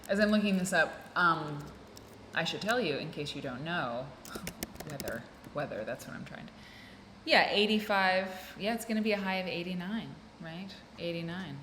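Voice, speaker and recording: Low-voiced chatty American woman, echoey room. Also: expressive, normal speed, pushed and bright, slight background noise. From United States. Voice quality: rambling, chatty, self-interrupting. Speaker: podcast host. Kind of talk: casual solo chat. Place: office room. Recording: roomy echo with faint ambience.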